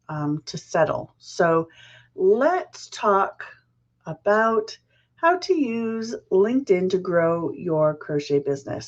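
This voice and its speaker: A woman hosting a casual business chat show, chatty and friendly, her voice a little rough from the early morning. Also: fairly low pitch, a little mellow, lo-fi sound. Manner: chatty, laughs at own slips. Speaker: podcast host.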